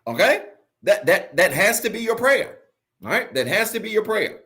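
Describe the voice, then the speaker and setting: A man's voice: sits high, sing-song. Man preaching with emphatic repeats. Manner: preaching with sudden soft drops and slow emphatic repeats. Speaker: pastor. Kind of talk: sermon. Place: online church service.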